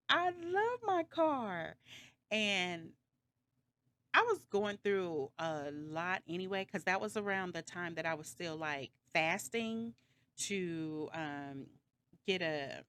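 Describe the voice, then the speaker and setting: A woman with a somewhat low voice talks straight to her viewers in a casual storytime vlog. She rambles and backtracks, full of fillers, with a sarcastic, slightly dramatic edge. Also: slow, a bit bright, smooth. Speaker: vlogger.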